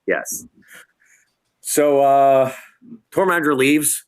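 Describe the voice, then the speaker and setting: A man's voice: medium pitch, slow, clean tone. A middle-aged man, a lighting designer and guest, telling a tour story in a casual way, acting out quotes and laughing often, over a video call from his home.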